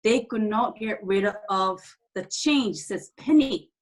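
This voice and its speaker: A woman in a group conversation tells a heartfelt story in halting speech, with frequent restarts and loose grammar. Her pitch sits in an ordinary middle range. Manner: halting, restarts sentences, non-standard grammar. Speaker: group participant sharing a story. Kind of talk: casual personal storytelling.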